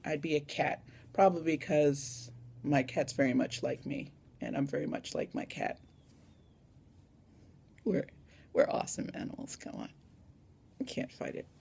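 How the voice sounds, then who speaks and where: A young woman chatting casually in a vlog tag, rambling and adding little asides, recorded on a phone camera. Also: low voice. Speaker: vlogger.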